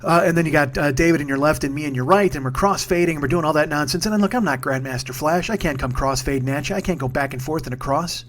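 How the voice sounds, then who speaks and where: A man's voice: a little high, fast talker, hardly any pauses, a bit bright. A man in his forties hosting a casual solo podcast from home, rambling, swearing and mocking himself. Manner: profane, rambling, self-mocking. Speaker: podcast host. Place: home room with a humming ceiling fan. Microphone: sock-covered mic, speaking a bit back from it.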